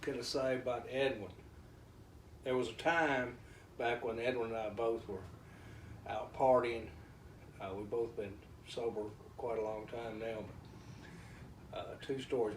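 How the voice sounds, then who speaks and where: A man pauses and hedges as he introduces old friends, full of fond stories. He sounds far from the mic in an echoey room, with a faint hiss in the background. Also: medium pitch. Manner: hesitant, affectionate, many fillers. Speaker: honoree introducing guests.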